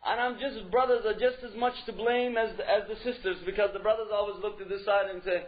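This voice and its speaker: High-voiced man giving an emphatic lecture. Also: fairly even intonation, fairly quick. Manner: emphatic, repeats key phrases, rhetorical questions. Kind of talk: religious lecture. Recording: dull lo-fi recording.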